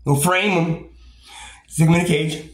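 A man's voice: a little high, steady tone, measured pace. A man ranting angrily about his own experiences, swearing often, stumbling over repeated words and breaking into bitter laughs. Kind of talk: angry personal rant. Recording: roomy echo, faint background noise.

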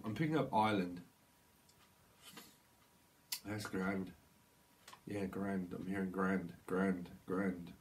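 A man giving a loose, rambling tarot reading, laughing often and acting out little quoted voices. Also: on the low side. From United Kingdom. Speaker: tarot reader. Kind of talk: channeled tarot reading to camera.

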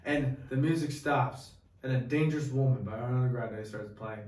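A young man co-hosting a podcast, rambling through a profane, excited story in casual chat. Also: mid-range voice, moderate pace, few pauses. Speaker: podcast co-host. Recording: echoey room, distant mic.

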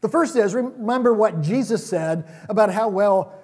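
A man preaching a sermon in a church, retelling stories in a relaxed, conversational way. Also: high-pitched, normal speed, breathy edge.

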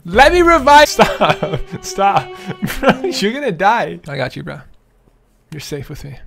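A man with a very high voice commentates his gameplay with constant laughter and loud yelps. His pitch swings widely, and he drawls his words slowly. Music plays behind him. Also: creaky. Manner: excitable, laughs often, yelps and pleads loudly. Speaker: gaming streamer.

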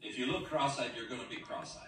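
A man's voice: mid-range voice, fast. A man speaking off camera, the host's husband, with a dry, teasing manner. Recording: distant, echoey, noisy room.

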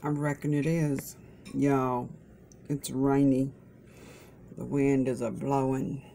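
A woman's voice: a bass voice, level tone, slow pace, vocal fry, dark tone, a little hiss or hum. A woman chatting in a folksy, chatty way at her kitchen table, with religious asides. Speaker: vlogger caring for her mother. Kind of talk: casual chat. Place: home kitchen, breakfast table.

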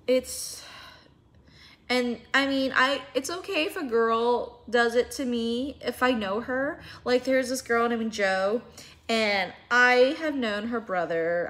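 A young woman rambles to her viewers in a casual vlog, her voice bright and forward. She swears freely and keeps losing and hunting for her words. A yawn slips into her talk now and then. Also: medium pitch. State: yawning. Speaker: vlogger.

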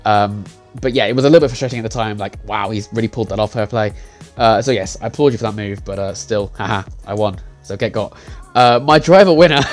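Rambling young man recapping a race. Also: medium pitch. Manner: rambling, self-correcting, with fillers and chuckles. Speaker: sim racing league driver giving a round recap. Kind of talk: casual recap talk. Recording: faint music behind.

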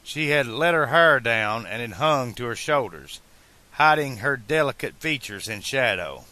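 A man reads a fan-made audiobook in a slow, deliberate pace. His tone is bright and clear at a medium pitch. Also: expressive. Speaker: audiobook narrator.

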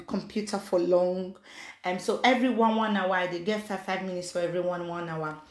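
A woman's voice: mid-range voice, roomy sound. A woman chatting casually to viewers on a live stream, mixing in pidgin and giving blunt advice. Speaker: vlogger.

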